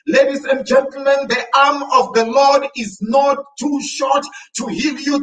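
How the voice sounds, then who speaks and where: High-voiced South African pastor preaching. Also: male voice. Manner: preaching with repeated calls of "ladies and gentlemen". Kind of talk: sermon. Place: church. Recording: echoey church from far off.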